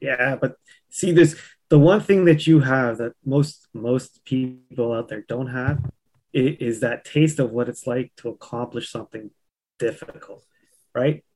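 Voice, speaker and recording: A man's voice: mid-range voice, unhurried, darkish tone, breathy edge. A man who owns a landscaping business, a podcast guest talking frankly and profanely, often saying "you know.". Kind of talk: casual conversation.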